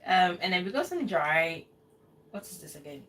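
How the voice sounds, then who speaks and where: In a casual home-kitchen cooking stream from the UK, a woman rambles along while fielding viewer questions. Her voice is on the low side with a sing-song lilt at normal speed, picked up by a distant mic amid noticeable background noise.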